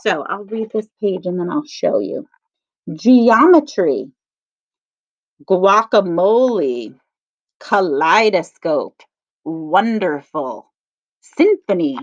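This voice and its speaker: Slow sing-song woman teacher reading aloud. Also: lowish voice, lively intonation. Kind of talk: read-aloud lesson for children. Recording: dull lo-fi sound.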